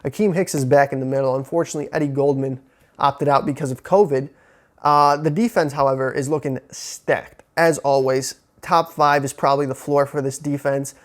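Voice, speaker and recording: A young man from Chicago giving casual, excitable football commentary as a sports vlogger, full of fillers and slang. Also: mid-range voice, a little fast. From Chicago, USA.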